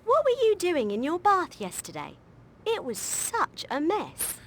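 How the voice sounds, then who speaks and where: A woman's voice: very high voice, huge pitch swings, a little slow, heavily acted. An actress playing a flustered, chatty female maid in a mystery game, fussing over faint hum. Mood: fussy. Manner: chatty, fussy.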